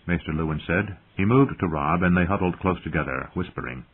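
A man narrating a fantasy audiobook in a measured storytelling manner. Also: deep voice, slightly rough. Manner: measured storytelling, shifts into character voices. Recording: tinny lo-fi phone-like sound.

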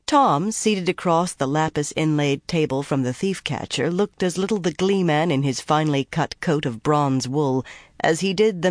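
An audiobook narrator reading a fantasy novel in a measured, even storytelling manner. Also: medium pitch, no room sound, studio quality. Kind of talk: scripted narration.

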